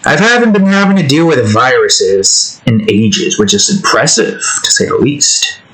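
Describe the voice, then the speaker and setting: A man chatting casually while he draws, rambling through off-topic asides and swinging into animated mock rants. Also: medium pitch, unhurried, poor audio. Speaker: art vlogger. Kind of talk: casual chat while drawing.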